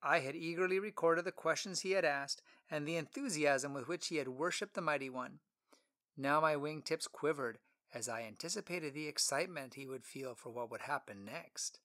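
A man narrating an audiobook story in a clear, expressive storytelling manner. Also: on the high side, moderate pace.

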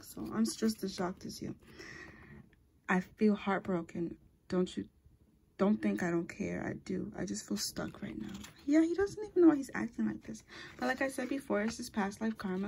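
A woman talks through a tarot reading in a loose, chatty monologue, often stopping to correct herself. Her voice has a gravelly fry and a warm, mellow tone. A faint hiss sits under her voice. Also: mid-range voice. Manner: chatty and rambling, with frequent fillers and self-corrections. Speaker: tarot reader.

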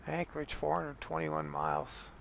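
A man's voice: a bass voice, sing-song, normal speed, vocal fry, a bit bright, lo-fi sound, slight background noise. A man giving a casual, rambling game tutorial, correcting himself as he goes and chuckling now and then.

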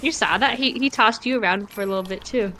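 A woman making calm, brief remarks to her partner while they play a co-op game. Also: mid-range voice, fast talker. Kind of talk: casual gameplay chat.

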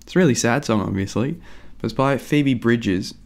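A young male musician rambles casually about a song before playing his cover, full of "like" and "um." His easygoing, medium-pitched voice is fairly quick.

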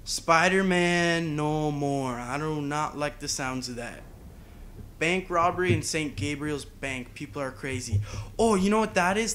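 A man's voice: on the high side, fairly bright tone, slight background noise. A man talking casually over a video game, rambling and drifting onto side tangents. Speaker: gaming channel host. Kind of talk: casual gameplay commentary.

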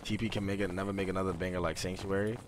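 A young man live-streaming a game, chatting casually and excitably to his viewers in heavy slang. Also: deep voice, rapid-fire, noisy background. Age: young adult. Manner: slangy, excitable, talks straight to chat. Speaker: livestreamer. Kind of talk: casual live-stream chat over gameplay.

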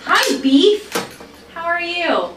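A woman's voice: extremely high pitch, sing-song, slow, roomy sound, recorded from a distance, background noise. A woman co-hosting a show, chatting casually and clowning around while the mic gets checked. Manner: playful, sings and clowns around. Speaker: podcast co-host. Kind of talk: casual chat before going live.

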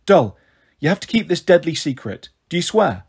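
A man's voice: a little high, very animated, moderate pace, darkish tone, breathy edge, full character voice. A man playing a defiant teenage girl. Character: defensive teenage girl, older sister.

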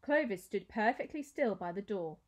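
A woman teacher reading a children's novel aloud with expressive storytelling. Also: medium pitch, moderate pace.

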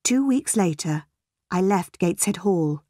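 A woman reads a simplified storybook for English learners at a very slow, deliberate pace, every word clear. Her voice is dry and close, with no room sound. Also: on the low side, expressive, dark tone, no room sound. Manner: slow, clear and carefully paced. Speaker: narrator. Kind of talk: scripted audiobook narration for English learners.

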